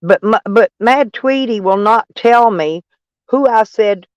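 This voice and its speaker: A man from Arkansas with a Southern drawl chats on a live stream, rambling through viewer comments and poking fun at himself. His voice sits high for a man and comes across smooth and polished. The sound is dry and close, with no room echo. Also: measured pace. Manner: rambling, joking and self-mocking, breaks into laughs.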